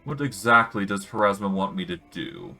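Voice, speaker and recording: Man doing an arrogant villain sorcerer, loud sneering game voice, low pitch. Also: sing-song, moderate pace, gravelly, faint music behind, exaggerated voice. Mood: haughty. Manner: insulting, haughty. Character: arrogant villainous skull-faced male sorcerer.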